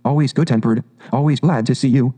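A man voicing a cheerful, good-natured male water rat from a storybook, talking in a brisk, hearty, chatty way. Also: mid-range voice, steady tone, dark tone, close to an everyday voice, rough recording.

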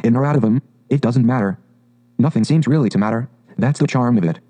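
A man's voice: medium pitch, fairly quick, mellow, close to an everyday voice. A man voicing a cheerful, boat-loving male water rat who talks in a hearty, rambling way in a storybook reading.

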